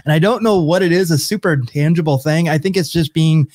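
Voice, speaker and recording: A man's voice: fairly high pitch, a little fast, a little mellow, dry recording. A man co-hosting a podcast, chatting casually and searching for words as he describes a beer. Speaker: podcast co-host. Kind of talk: casual chat.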